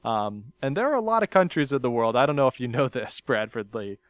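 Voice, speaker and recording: A man's voice: medium pitch, animated, fairly quick, no echo. A man hosting a casual podcast, teasing his co-host and laughing often.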